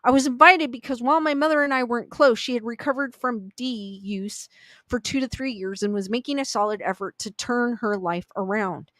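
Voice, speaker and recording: A woman's voice: on the high side, a little fast, fairly bright tone, dry recording. A woman reading online ghost stories aloud in a casual, chatty way, with little asides. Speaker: story reader.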